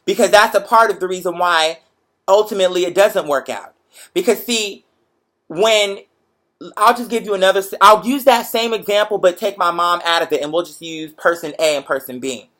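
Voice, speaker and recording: A young man hosting a show, chatting to viewers in a lively, profane, motivational storytelling way. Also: high-pitched, normal speed. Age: young adult. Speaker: show host. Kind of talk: casual livestream chat to viewers.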